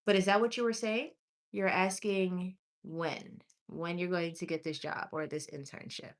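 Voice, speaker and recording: A woman's voice: fairly low pitch, steady tone. A woman doing tarot readings on a livestream, reading chat aloud and calling viewers honey and sweetie. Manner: chatty and affectionate, calls viewers honey and sweetie; reads chat aloud while scrolling, with pauses and restarts.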